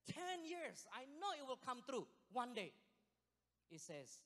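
A high-pitched man preaching with restless excitement, swinging from hushed lines to shouted peaks and laughing along the way. He sounds a little out of breath as he goes. His voice rings through a church hall with a long reverb tail. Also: measured pace. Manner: excitable, animated, loud bursts and laughs. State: sweating, short of breath at times. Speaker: pastor. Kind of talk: sermon.

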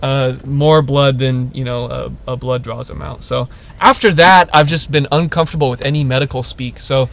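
A man's voice: mid-range voice, moderate pace, a little hiss or hum. A young man co-hosting a casual podcast, telling a funny story and acting out the quotes in it. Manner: animated storyteller, acts out quotes. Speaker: podcast co-host.

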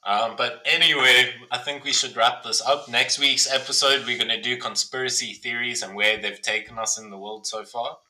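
A man's voice: mid-range voice, fairly even intonation, moderate pace, few pauses, sharp tone, rough recording. A young man co-hosting a podcast, telling crude stories in casual banter. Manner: crude, storytelling banter with frequent "bro". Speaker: podcast co-host. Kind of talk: casual chat.

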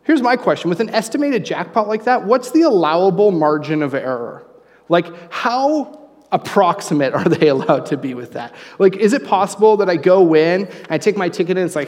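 A man preaching a sermon, conversational and joking, with animated asides. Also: high-pitched, moderate pace, long reverb tail. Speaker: pastor. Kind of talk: sermon with humorous story.

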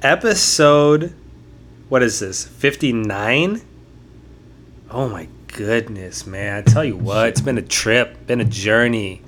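Bright-voiced low laid-back man. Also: slow pace, a little hiss or hum. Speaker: podcast host. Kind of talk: casual podcast chat. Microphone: online voice call.

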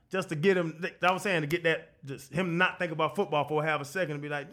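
A man with a fairly high voice, spinning profane, animated stories in a loose podcast chat. He laughs easily and slips into little impressions of other people. The talk is casual and unpolished. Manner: animated, profane, quick to laugh, acts out quotes. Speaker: guest, former football linebacker.

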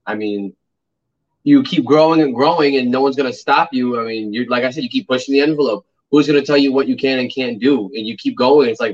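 A man's voice: medium pitch, fairly quick, darkish tone, lo-fi sound. Man rambling through a distant mic. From United States. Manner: rambling, storytelling, filler-heavy. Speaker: podcast co-host. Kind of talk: casual chat.

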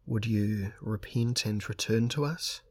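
A man reading aloud and voicing the soft-spoken leader of the chaos dukes in an audiobook. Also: on the low side, a little slow, husky, no echo. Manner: soft, faintly impatient.

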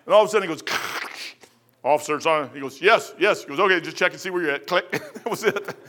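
A man's voice: on the high side, a little fast. A man, preaching in a folksy, storytelling way and acting out the voices of people in his anecdotes. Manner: animated, acts out voices in anecdotes.

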